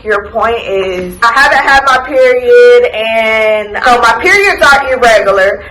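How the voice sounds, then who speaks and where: A young woman with a high, bright voice tells a storytime vlog, acting out every quote. Her voice bounces around an echoey room, with a faint hiss underneath. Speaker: vlogger. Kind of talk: casual storytime.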